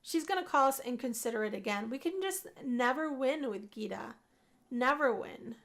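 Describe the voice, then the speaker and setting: A chatty young woman narrating her life-simulation game in a relaxed Let's Play style. Her voice sits a little high, and her talk is upbeat and rambling. She often repeats a phrase to stress it. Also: normal speed. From Puerto Rican family. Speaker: gaming video host. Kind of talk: casual Let's Play commentary.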